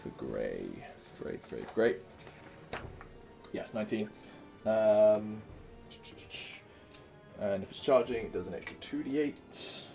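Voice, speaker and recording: A man's voice: lowish voice, huge pitch swings, takes it slowly, gravelly, long pauses, music in the background. A man from Wales with a Welsh accent, narrating as dungeon master, counting dice aloud and humming filler sounds. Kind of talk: narrating a tabletop game.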